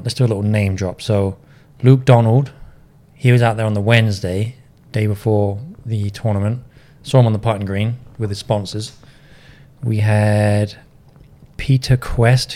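A man's voice: on the low side, darkish tone. Male co-host, dry and matter-of-fact, casual chat. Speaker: podcast co-host and caddie.

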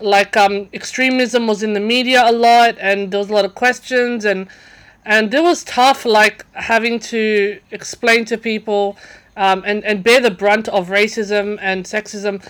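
A young woman tells a story as a podcast guest. She talks in a chatty, casual way, often restarting her sentences and filling pauses with "um" and "like.". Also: medium pitch, steady tone, fairly bright tone. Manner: chatty, many fillers and restarts.

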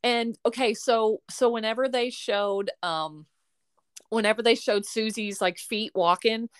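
A woman hosting a casual podcast chat, animated and laughing, acting out quotes as she talks. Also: on the high side, measured pace, smooth, no echo, clean studio sound. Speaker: podcast host.

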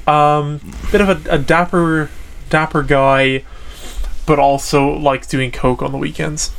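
A man playing in a tabletop role-playing podcast, dry and deadpan. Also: fairly high pitch, measured pace, vocal fry. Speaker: player. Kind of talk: casual tabletop podcast chat.

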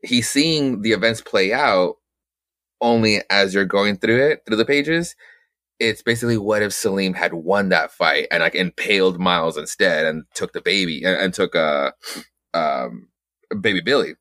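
A man's voice: low-pitched, normal speed, sharp tone, no room sound, studio quality. A man co-hosting a casual podcast, talking in a rambling way with restarts and fillers. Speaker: podcast co-host, comic reviewer. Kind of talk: casual chat.

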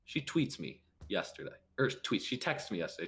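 A man's voice: medium pitch, moderate pace. A young man in casual podcast chat with a middle-range voice. He tells his stories with energy and lifts his voice when acting out quoted lines. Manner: animated storyteller, acts out quoted texts in raised voice. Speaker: podcast co-host.

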